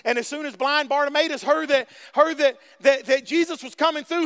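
A pastor preaching a fervent sermon, calling out to his congregation and swinging between hushed passages and shouts. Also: very high-pitched, normal speed. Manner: fervent preaching with call-and-response.

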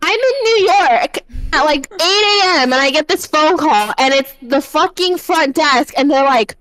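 A woman's voice: high-pitched, lively intonation, moderate pace, fairly bright tone, rough recording. A young woman co-hosting a podcast, ranting animatedly in casual chat, swearing and filling every sentence with "like". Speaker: podcast co-host.

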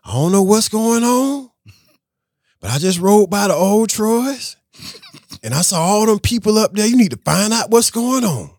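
A man's voice: high voice, big pitch swings, normal speed, a little mellow, no echo, studio quality, pitched above the performer's own voice, heavily acted. A man mimicking an urgent female assistant. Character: insistent female assistant reporting news.

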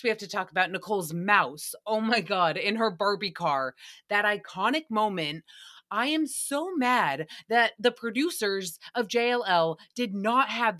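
Sassy, bright-voiced woman podcaster. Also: fairly high pitch. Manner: sassy and chatty, swears freely. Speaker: podcast host. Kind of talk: casual recap podcast.

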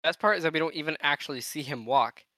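Dry-sounding bright male co-host. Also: on the high side, fast, no room sound. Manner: laughs often, short dry quips. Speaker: podcast co-host. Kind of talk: casual chat.

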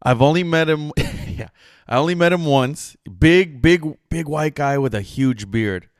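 A man's voice: fairly high pitch, measured pace, clean tone, dry recording, studio quality. A man co-hosting a podcast, telling a story in casual chat, acting out the people he quotes and swearing freely. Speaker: podcast co-host.

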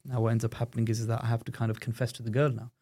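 A man's voice: medium pitch, level tone, rapid-fire, warm tone. A man with a British accent, a guest telling a personal story in a chatty, conversational way. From United Kingdom. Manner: chatty, frequent "you know" and "right?" asides.

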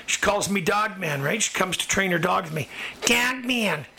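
A man hosting a casual interview show, chatty and quick to compliment his guest. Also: high voice, creaky, sharp tone. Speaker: podcast host, dog trainer.

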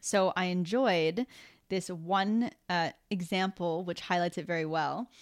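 A woman's voice: lowish voice, a little slow, no echo, studio quality. A woman co-hosting a podcast, talking casually and reflectively about a book. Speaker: podcast co-host.

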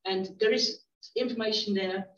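This storytelling sermon comes from a middle-aged woman who is a visiting preacher, talking in a chatty way with many restarts. Her voice is mid-range and a bit bright, with fairly even intonation at normal speed, recorded from a distance in a roomy, dull church hall.

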